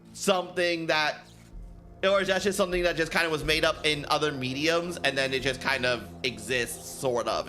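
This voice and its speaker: A man's voice: a little high, bright, forceful tone. A man streaming a game from home on a headset, rambling casually, swearing and laughing often. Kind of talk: casual gaming stream chat.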